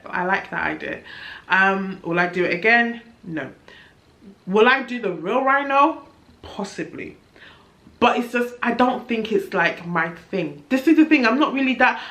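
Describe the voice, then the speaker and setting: Fairly bright in tone and medium in pitch, this young woman's voice carries a review vlog where she speaks openly and with exasperation. She laughs at herself from time to time, and the recording sounds echoey.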